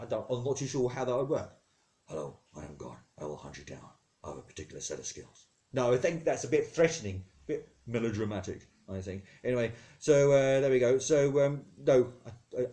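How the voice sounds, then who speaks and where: Guy doing a posh british god, rambly, keeps cutting himself off, mellow dark voice. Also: mid-range voice. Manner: rambling, digressive, self-interrupting. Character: God, male, chatty and easily sidetracked. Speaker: comedy podcast host. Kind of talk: comedic character monologue answering listener questions.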